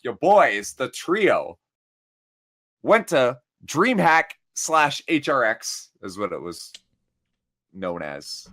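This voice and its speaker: A man co-hosting a gaming podcast, his voice bright and lively in pitch. He banters with slang and jokes through the conversation. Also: takes it slowly. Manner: laughs often, joking banter, slangy. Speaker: podcast co-host. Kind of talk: casual chat.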